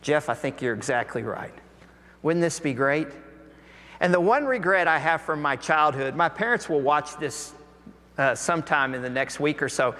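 A man preaching a sermon, telling a Bible story in an animated way and acting out the voices of its people. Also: a little high, normal speed. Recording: long hall reverb.

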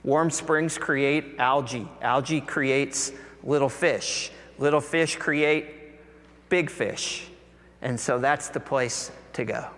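A man preaching a sermon, telling a Bible story in an animated way and acting out the voices of its people. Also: mid-range voice, slow. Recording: long hall reverb.

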